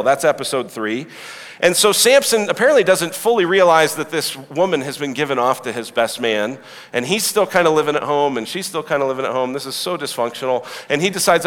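A man with a slightly high voice preaching a sermon in a large hall, his words trailing off into a long reverb. He tells the story with animated, joking asides to the listeners. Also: a little fast. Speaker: pastor.

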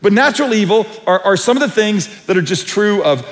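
High-voiced man preaching in a reverberant hall. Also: a little fast. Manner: animated storytelling, acts out quotes in high voices. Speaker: pastor. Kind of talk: sermon.

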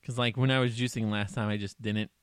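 Guy riffing jokes in a car chat, lowish voice, dry close sound. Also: fairly even intonation, fast, smooth, no room sound. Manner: joking, rambling, playful. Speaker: co-host. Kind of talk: casual chat.

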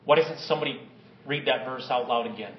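In a church sanctuary, a male pastor preaches an impassioned sermon and calls on his congregation to respond. His mid-range voice moves a little fast, and the echoey recording sounds slightly dull, with a little hiss or hum.

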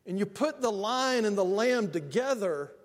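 An older male pastor preaches in a church sanctuary, telling homely stories and drawing out key lines slowly. His voice sits high for a man. A long reverb trails after each phrase. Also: animated. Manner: folksy storytelling preacher, slows for emphasis. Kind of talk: sermon. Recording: long reverb of a large hall.

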